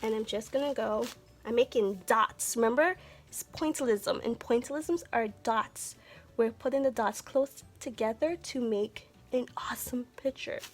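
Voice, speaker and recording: A woman teaching a children's art lesson, speaking gently and encouraging viewers to take their time. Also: fairly high pitch. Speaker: art instructor.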